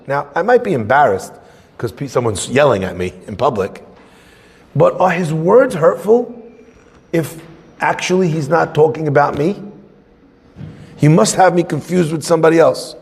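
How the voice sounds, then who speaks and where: Male rabbi teaching a class, very expressive pitch, gravelly, acts out scenes. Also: moderate pace, in a large hall. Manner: animated, acts out scenes, conversational. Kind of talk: lively Torah class.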